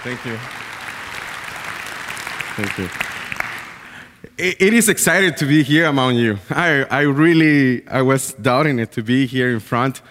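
A man's voice: medium pitch, normal speed, hardly any pauses, fairly bright tone. A man with a Spanish accent, a native Spanish speaker, starting a sermon as a guest preacher, humble and hesitant. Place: large church hall. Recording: hall reverb with crowd.

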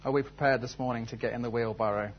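A man's voice: mid-range voice, fairly even intonation, fast, dull audio, a little hiss or hum. A man preaching a sermon, telling a story and then asking earnest, searching questions. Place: church service.

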